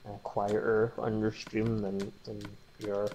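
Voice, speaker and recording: A woman's voice: a bass voice, level tone, slow pace, dark tone, slight background noise, poor audio. A woman from Glasgow with a mild Scottish accent, a guest chatting on a stream with dry, joking humor. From Scotland, Glasgow. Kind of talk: casual chat.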